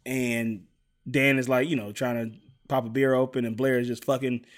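A man casually recapping a TV episode with a co-host, acting out the characters' lines in animated bursts. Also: medium pitch, moderate pace. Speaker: podcast co-host recapping a TV show. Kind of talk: casual chat.

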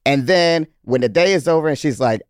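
A man's voice: on the high side, lively intonation, fairly quick, clear, resonant tone, no room sound, studio quality. A man guesting on a comedy advice podcast, laid-back and laughing often. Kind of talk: casual advice chat.

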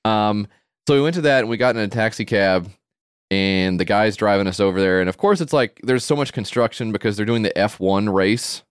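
A man's voice: lowish voice, fairly quick, smooth, dry recording. Man, comedy podcast co-host; swears freely, rambles through anecdotes, dead-dry studio sound. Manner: profane, rambling, laughs through his story. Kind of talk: casual comedic storytelling.

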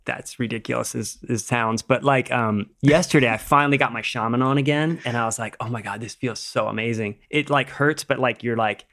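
A man's voice: medium pitch, a little fast, hardly any pauses, a bit bright. A middle-aged man, a rock climber and podcast guest, telling stories in casual chat, acting out quoted dialogue and laughing often.

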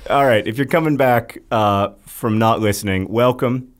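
A middle-aged man co-hosting a relaxed podcast, his voice sitting at an ordinary middle pitch. He talks in loose, rambling runs, correcting himself on the fly and breaking into laughter often. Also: moderate pace. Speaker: podcast co-host. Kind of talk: casual podcast chat.

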